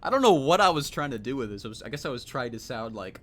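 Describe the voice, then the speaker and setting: A man's voice: medium pitch, sing-song, quick pace, fairly bright tone. A man streaming his own game mod, chatting casually and mocking himself as he plays. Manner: rambling, self-mocking, laughs at himself. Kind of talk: casual commentary over gameplay.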